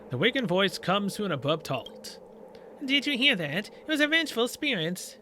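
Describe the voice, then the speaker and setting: A man's voice: sits high, sing-song, moderate pace, pushed and bright, slight background noise. A man playing through a story game, reading its dialogue aloud and adding sarcastic asides. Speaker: gaming video creator.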